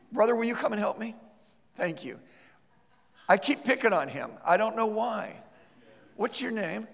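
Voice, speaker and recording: Lively high-voiced man with gravelly edge. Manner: animated, acts out scenes. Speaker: teacher. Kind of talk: church teaching with a live role-play. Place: church hall. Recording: reverberant hall.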